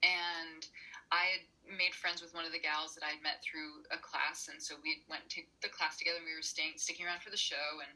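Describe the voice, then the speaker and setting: Lively husky woman telling her story. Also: sits low, brisk, low-quality recording. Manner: animated storyteller, many "like" fillers. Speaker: burlesque performer and minister, guest. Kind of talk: casual interview storytelling.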